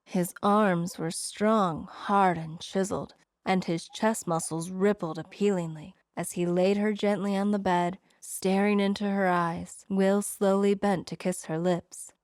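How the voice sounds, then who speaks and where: A woman reading a romance novel aloud in steady, expressive storybook narration. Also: medium pitch, measured pace, dry recording. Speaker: audiobook narrator.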